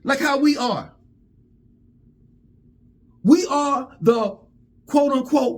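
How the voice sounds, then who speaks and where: A man's voice: very high voice, drawn-out words. A man delivering a heated, profane vlog rant, often stammering over repeated words. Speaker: vlogger. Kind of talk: angry monologue rant.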